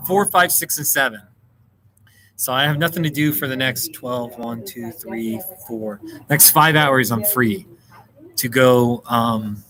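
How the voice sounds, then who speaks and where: An American man hosts a casual live stream while seated at a table indoors, chatting and reacting to viewer comments with frequent laughs. His voice is medium-pitched, and the audio quality is poor.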